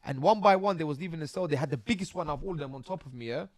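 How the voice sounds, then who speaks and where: A young man, telling his own stories as a podcast guest in a lively, slang-filled way and acting out scenes as he goes. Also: on the high side, very fast, no room sound. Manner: animated, slang-heavy, acts out scenes. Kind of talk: casual storytelling interview.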